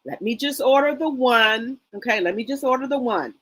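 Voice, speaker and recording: A middle-aged woman hosts a casual livestream, greeting viewers by name and reading their comments while chatting loosely with plenty of fillers. Her voice is on the high side, animated and a bit bright, at a normal speed, though the recording is rough.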